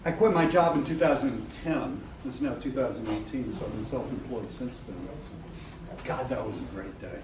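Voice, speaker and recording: A middle-aged man giving a live seminar talk to an audience. He is animated and blunt, laughs often and swears casually. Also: mid-range voice, moderate pace. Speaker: marketing coach presenting a seminar. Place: event room with a live audience. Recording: echoey room from a distance, noisy.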